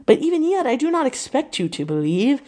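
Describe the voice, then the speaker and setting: A woman's voice: high voice, big pitch swings, brisk, mellow, voice pushed up. A woman reading an audiobook and voicing an elderly, earnest Dutch professor who speaks in solemn, broken formal phrasing. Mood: pleading.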